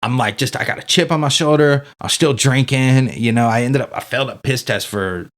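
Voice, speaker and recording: A man's voice: mid-range voice, brisk. A man as a podcast guest telling his story in a casual, candid way, swearing freely and leaning on fillers like "dude" and "man".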